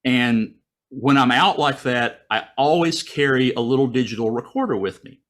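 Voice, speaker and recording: A man telling a personal story in a casual way, acting out his own thoughts in a raised, excited voice, heard over a video call. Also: medium pitch, normal speed. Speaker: guest storyteller.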